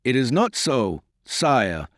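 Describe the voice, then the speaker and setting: A man voicing a swaggering Breton squire and herald who speaks with a hoarse, thick voice and a Breton accent. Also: medium pitch, sing-song, fairly bright tone, no echo, studio quality. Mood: bold. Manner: bold, earnest, quick-spoken.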